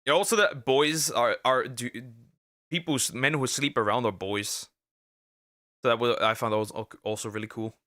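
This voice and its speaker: A man streaming as a vtuber, talking in casual react commentary, rambling and halting with lots of fillers and restarts and speaking out bluntly. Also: medium pitch, sharp tone. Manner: outspoken, ranting.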